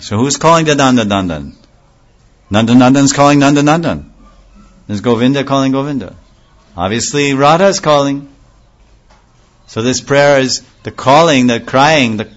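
A man's voice: mid-range voice, lo-fi sound. A man giving a devotional lecture in a conversational way, asking rhetorical questions and answering them himself. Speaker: religious speaker.

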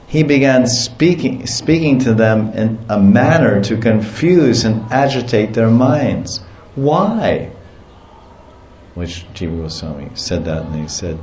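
Man, devotional teacher, very slow delivery, echoey muffled recording. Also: lowish voice, a little mellow, slight background noise. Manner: slow, storytelling, lists and chuckles. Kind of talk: devotional lecture and property tour. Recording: echoey muffled room with faint ambience.

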